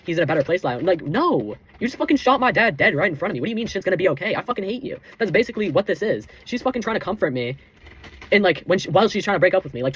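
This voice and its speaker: Teenage boy, fast angry storytime rant, constant swearing, fairly high voice. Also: breathy edge. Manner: heated, swears constantly, fillers like "bro" and "dude". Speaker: vlogger.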